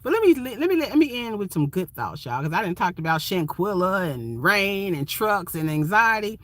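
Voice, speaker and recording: A woman's voice: medium pitch, very animated, normal speed, a bit bright, no room sound. A woman from Ohio, a van-life vlogger chatting casually and expressively with viewers on a phone livestream. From Ohio, USA.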